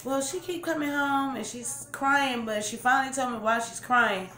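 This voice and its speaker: A woman voicing a concerned mother speaking up for her child, earnest and raised in pitch. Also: moderate pace, pushed and bright. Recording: roomy room with faint background music.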